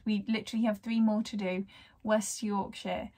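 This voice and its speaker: A young English woman, talking to her viewers in a chatty, enthusiastic way. Her pitch sits in the middle, and she laughs at herself and apologises as she goes. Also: a little slow, darkish tone, slightly rough. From English West Midlands. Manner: chatty, enthusiastic, self-deprecating. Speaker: YouTuber. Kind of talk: casual chat to camera.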